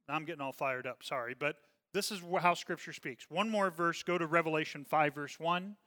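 A man leading a church Bible study, his voice pitched a little high and ringing bright. He talks earnestly and checks in with his listeners again and again. The hall carries a long reverb behind him. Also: brisk. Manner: earnest, repeats "okay?" often.

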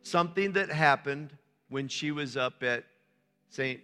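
A man's voice: on the high side, unhurried, sharp tone, clear, resonant tone. A man preaching as a pastor, speaking informally to his congregation and asking it short questions. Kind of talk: sermon. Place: church hall. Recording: church hall reverb.

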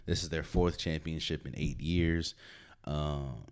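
A man with a rumbling low, clear, resonant voice, speaking a little slowly, hosts a solo sports podcast on a podcast mic. He talks casually and animatedly, laughs often, and repeats words whenever he restarts a thought.

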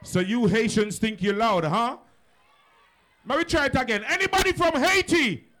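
Jamaican selector calling out to the crowd. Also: male voice, sits high, animated, moderate pace, fairly bright tone. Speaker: sound system rep. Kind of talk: hyping a party crowd with shout-outs.

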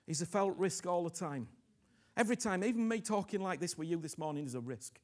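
A middle-aged man preaches a sermon, shifting from hushed whispers to loud, pleading outbursts. He repeats himself, often asking his listeners "you understand me?" His voice is high-pitched, expressive and brisk.

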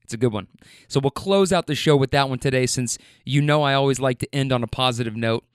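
A man's voice: medium pitch, quick pace, clear, resonant tone, no room sound, studio quality. A man hosting a podcast, telling stories from his rides in a casual, profane, emphatic way that turns openly emotional. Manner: profane, emphatic, repeats himself; emotional, gets choked up. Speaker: podcast host and rideshare driver. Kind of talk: casual storytelling monologue.

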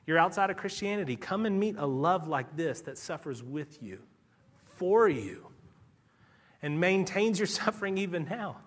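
A male pastor preaching a sermon and leading prayer, swinging between loud urgency and hushed softness. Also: sits high, lively intonation, normal speed. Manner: leads prayer.

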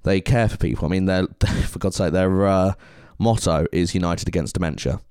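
Earnest male podcast co-host, low voice, dry close sound. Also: moderate pace, a little mellow, clean tone, no room sound. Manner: earnest and heartfelt. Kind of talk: casual podcast chat.

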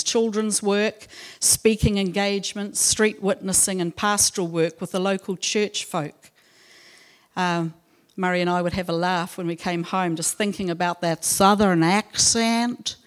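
A woman speaking at church, reading scripture and then telling a personal mission story with gentle humour. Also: mid-range voice. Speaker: church speaker sharing a testimony. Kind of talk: devotional talk and personal story.

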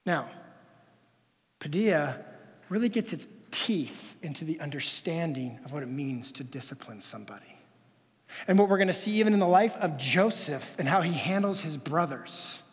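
A man preaching a sermon as pastor, telling stories in an animated way that swings between loud passages and hushed ones. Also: high voice. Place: church sanctuary. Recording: long reverb of a church hall.

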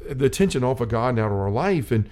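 Here a middle-aged faith-chat host speaks fast in a darkish mid-range voice with lively intonation. He rambles earnestly through a personal story, restarting often and quoting dialogue.

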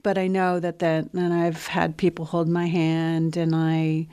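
A woman guest on a podcast, speaking in a soft, hesitant, reflective way. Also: low-pitched, monotone, measured pace, clean tone. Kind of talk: casual podcast chat.

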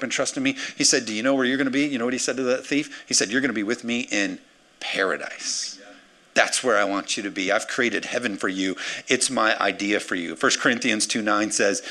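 A man, the pastor, preaching a lively sermon to his congregation, with playful acted asides. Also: mid-range voice.

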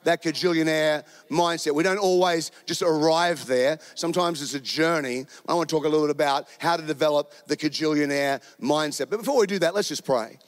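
Here a pastor from New Zealand preaches to a church auditorium, handheld microphone in hand, joking as he talks. He speaks briskly with hardly a pause, his slightly high voice filling a big-sounding room.

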